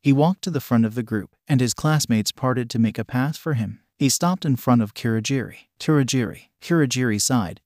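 A man reading an anime fan fiction story aloud, narrating and speaking every character's lines in a steady voice. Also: mid-range voice, brisk, hardly any pauses, no echo, studio quality.

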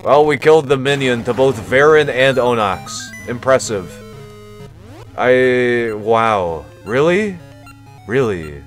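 A man's voice: medium pitch, slow, faint music behind. A man streaming a video game and commenting casually, with profane, self-mocking jokes.

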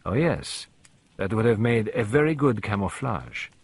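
A man voicing a shrewd elderly Belgian detective, speaking in a measured, formal way with words mixed in. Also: fairly low pitch, very animated, husky, dry recording, heavily acted. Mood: explaining.

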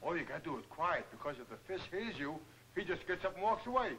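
An actor playing a cheerful, dim-witted boxer who rambles earnest slangy nonsense, in 1940s film comedy acting. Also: male voice, on the high side, sing-song, fast, sharp tone, a little hiss or hum, heavily acted, low-quality recording.

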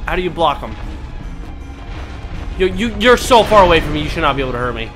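A young man narrating his own gameplay in a high, wildly swinging voice, lurching between panicked yelps, swearing and cocky trash talk. Faint game music plays underneath. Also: big pitch swings, fast. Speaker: gaming commentator. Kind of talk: let's play commentary.

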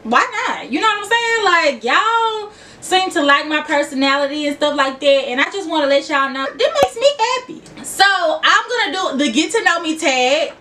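Casting: young woman, Memphis Southern accent, high voice, a bit off-mic. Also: lively intonation, normal speed, bright, forceful tone, recorded from a distance, a little hiss or hum. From Memphis, Tennessee. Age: 20s. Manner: chatty, laughing, addresses viewers as y'all. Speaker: YouTuber. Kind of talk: casual vlog chat.

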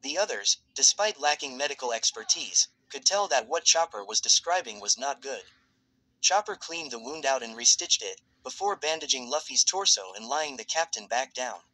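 A man narrates a piece of fan fiction in a steady, even read. His voice sits in a middle pitch with a bright, forward edge. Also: normal speed, low-quality recording.

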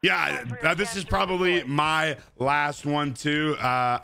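A man streaming a game and chatting casually with viewers, crude and joking, sometimes breaking into loud high-pitched bits. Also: fairly even intonation, slow, vocal fry. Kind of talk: casual live-stream banter.

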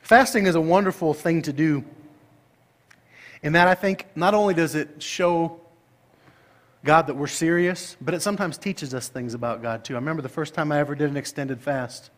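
A middle-aged man delivers a sermon as pastor, his voice sitting noticeably high. He tells stories playfully and climbs into excited outbursts. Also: moderate pace, pauses often. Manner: animated, playful storytelling that rises to excited, high-pitched outbursts.

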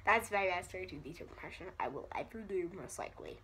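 A woman's voice: on the low side, animated, fast talker, sharp tone, husky. A woman chatting casually in a vlog, rambling, giggly and self-deprecating. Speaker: vlogger.

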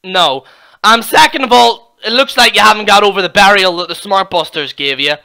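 Guy ranting on youtube, gravelly and sharp sounding, sweary and mocking. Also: high voice, fairly quick. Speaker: YouTube commentator. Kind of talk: ranting reaction commentary.

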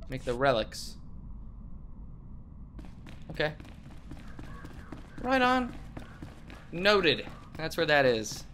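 Goofy high-pitched gamer trash-talking. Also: male voice, sing-song, drawn-out words, pauses often, slight background noise. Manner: goofy, trash-talking, shouts during fights. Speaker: gameplay commentator. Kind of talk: let's play commentary. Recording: game music behind voice.

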